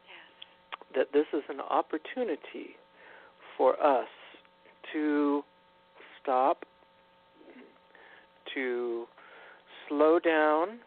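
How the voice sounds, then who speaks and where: A man giving a slow, earnest spiritual message on a radio talk show, with many pauses and fillers. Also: on the high side. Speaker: guest minister. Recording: tinny phone line.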